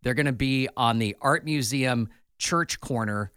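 A man's voice: medium pitch, measured pace, clean tone, no room sound, studio quality. A man co-hosting a morning radio show, reading quirky news and chatting playfully with his co-host. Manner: playful, animated delivery. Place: radio studio.

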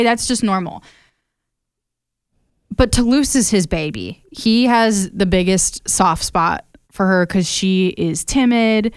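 A young woman co-hosting a radio show, telling stories in a chatty, animated way. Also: mid-range voice, unhurried, no room sound, clean studio sound. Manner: chatty storyteller, animated retelling. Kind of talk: casual radio chat. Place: radio studio.

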